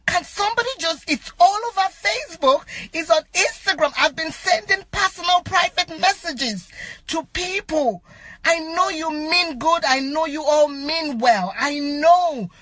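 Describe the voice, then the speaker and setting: A distraught woman, an actress, crying and pleading from inside a car, her voice breaking into shouts as she repeats herself. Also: very high-pitched, a little slow, low-quality recording. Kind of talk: emotional self-recorded appeal.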